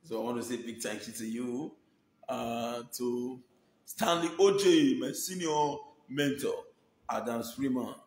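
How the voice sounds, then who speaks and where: In a roomy-sounding recording, a Nigerian man with a medium-pitched, slightly mellow voice speaks unhurriedly. As an online video host, he casually thanks his viewers by name in shout-outs, blending Pidgin and English.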